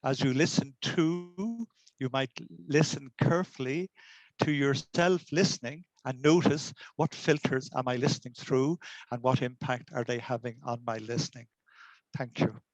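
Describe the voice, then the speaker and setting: An older man, a community education lecturer, giving a calm, earnest talk built around short personal stories. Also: medium pitch, no echo, low-quality recording. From Ireland. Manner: calm storytelling, measured and earnest. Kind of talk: reflective talk to camera.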